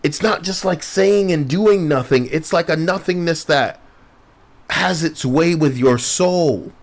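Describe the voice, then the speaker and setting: A man's voice: on the high side, unhurried. A man streaming, chatting casually in a joking, rambling, sarcastic way.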